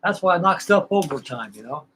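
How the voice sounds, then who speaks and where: A man with a slightly raised pitch chats casually and rambles in a folksy way while hosting a model-building livestream from his workbench. A faint hiss sits under his voice. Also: animated, brisk. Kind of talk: casual chat. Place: home workshop at his workbench.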